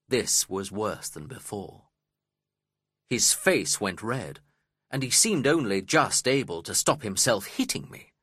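A man reading a story aloud as its narrator, in a slow, measured and expressive way. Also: on the low side, breathy edge, no room sound, clean studio sound.

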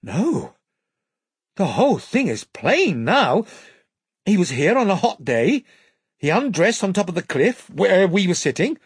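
A reader voicing a bold, quick-thinking boy in a storybook, speaking in an urgent, commanding way. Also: medium pitch, very animated, slightly rough, no echo, clean studio sound, pitched above the performer's own voice, heavily acted.

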